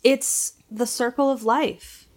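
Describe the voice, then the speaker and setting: A woman co-hosting a relaxed podcast conversation. She jokes in a playful, bantering way. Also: fairly high pitch, slow pace. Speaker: podcast co-host. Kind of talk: casual chat.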